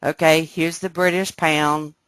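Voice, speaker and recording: A woman teaching a live trading webcast, explaining step by step and often checking that listeners follow, sounding excited. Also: low-pitched, a little slow, smooth, no room sound. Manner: excited, animated. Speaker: trading instructor. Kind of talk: live trading room lesson.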